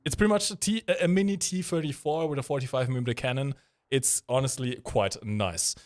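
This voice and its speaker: A man's voice: mid-range voice, brisk. A man co-hosting a game stream, chatting casually and explaining with many fillers. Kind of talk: casual gameplay commentary.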